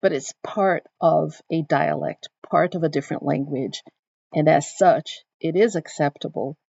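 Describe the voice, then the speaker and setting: A woman teaching a recorded literature lesson, thoughtful and explanatory, pausing to restart her phrasing, on a dull, dry recording. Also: deep voice, vocal fry, warm tone, husky, no room sound.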